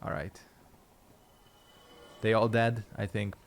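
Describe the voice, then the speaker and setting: Chatty low-voiced man gaming. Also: flat delivery, slow, vocal fry. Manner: rambling, chatty, swears freely. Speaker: streamer playing a game. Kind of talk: casual gameplay commentary.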